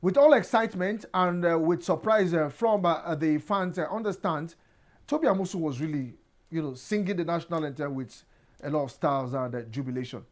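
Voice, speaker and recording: A woman's voice: deep voice, darkish tone. Hesitant woman hosting sports news. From Nigeria. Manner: halting delivery full of "uh" fillers, starts sentences with "now". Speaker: sports show host.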